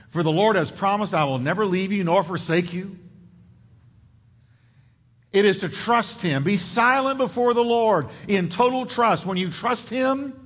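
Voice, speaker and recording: A male pastor preaching a sermon with a fairly high, lively voice that leaps and falls across each phrase. His tone is a little husky, and the words ring out with a long reverb in a church hall. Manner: expressive preaching with sudden drops and rises in pitch.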